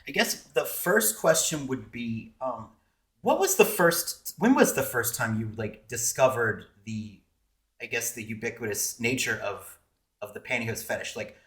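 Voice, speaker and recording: Casting note: male podcast co-host, mid-pitched, playful and chatty. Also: lively intonation, unhurried, fairly bright tone. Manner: joking, rambling with restarts. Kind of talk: casual podcast chat.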